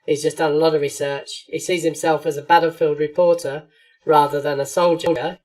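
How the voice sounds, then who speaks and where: A man's voice: fairly high pitch, flat delivery, a little fast, darkish tone. A man from East London hosting a casual interview chat, telling stories with frequent restarts. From East London, England. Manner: chatty, storytelling, frequent restarts. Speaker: podcast host. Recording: distant from the mic.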